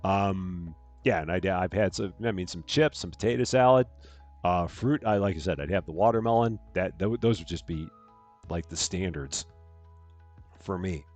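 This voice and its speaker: A man casually chatting on a live game stream, reading chat aloud and greeting viewers while projecting a bit louder than normal from his room. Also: deep voice, moderate pace, soft background music. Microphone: headphones on, desk mic.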